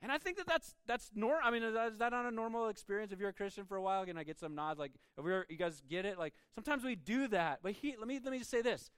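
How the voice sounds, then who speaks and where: A man preaching a sermon in a conversational way, dropping to soft, hushed lines and rising when he reads scripture aloud. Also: sits high, quick pace, hardly any pauses, clear, resonant tone, no echo. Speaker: pastor.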